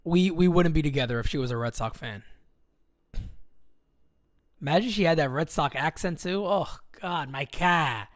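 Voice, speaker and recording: A man's voice: a little high, moderate pace, long pauses, dry recording, studio quality. A young man hosting a casual sports livestream, rambling and joking as he reads out viewer comments. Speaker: livestream host.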